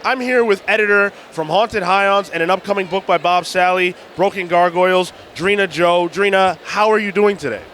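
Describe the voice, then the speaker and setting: A man's voice: sits high, normal speed, hardly any pauses, fairly bright tone. A tired man hosting a podcast, eagerly interviewing a guest at a busy convention. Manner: eager, friendly questioning. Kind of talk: casual interview. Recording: noisy convention floor.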